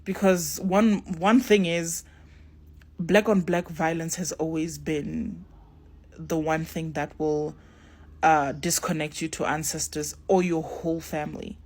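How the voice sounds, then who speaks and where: A young woman with a low, darkish voice and steady tone tells a spiritual story to her viewers in an unhurried, casual way. Addressing them directly, she performs the dialogue with shifting voices.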